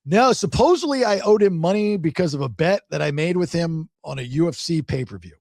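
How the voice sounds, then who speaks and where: A man's voice: fairly high pitch, a little fast, gravelly, no echo, clean studio sound. A male podcast host, telling a long story in casual chat, rambling and repeating words. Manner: rambling, repeats words, animated when quoting others.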